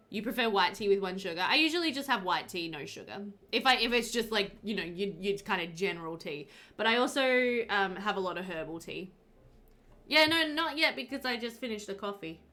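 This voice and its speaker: With a mid-range, sharp-toned voice, the woman streams a game live, chatting and giggling as she reads out sim bios and responds to questions from chat.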